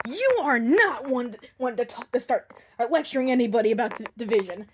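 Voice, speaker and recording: A woman's voice: a little high, animated, a little fast, hardly any pauses, darkish tone, slight background noise. A woman giving a casual commentary rant in reply to another video, sarcastic and profane, with frequent ums.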